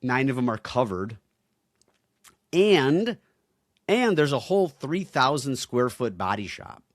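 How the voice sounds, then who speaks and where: A man's voice: mid-range voice, very animated, slow, dry recording, clean studio sound. A young man hosting a solo podcast, talking bluntly and swearing freely, fired up as he addresses his listeners directly. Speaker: podcast host.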